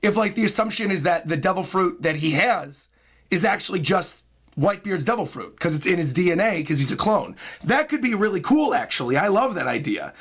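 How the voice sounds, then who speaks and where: A man streaming live in casual chat, hoarse with a worn-out voice, excitable and prone to bursts of loud hyped yelling. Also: sits high, fairly quick. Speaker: streamer reacting to a comic chapter.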